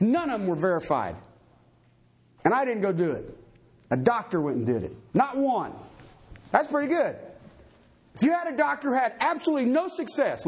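A male pastor preaching a sermon in an emphatic, animated way, firing rhetorical questions at his church. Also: very high voice, slightly rough.

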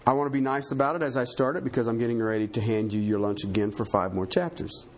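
A pastor preaching a sermon in an emphatic, animated way, often checking in with his congregation. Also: medium pitch, fast talker, slight background noise.

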